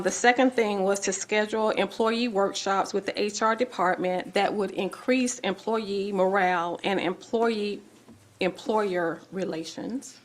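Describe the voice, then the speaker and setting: Measured woman commissioner making a motion. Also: mid-range voice. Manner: measured, deliberate, reads out items. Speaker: city commissioner. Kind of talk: formal motion at a public meeting.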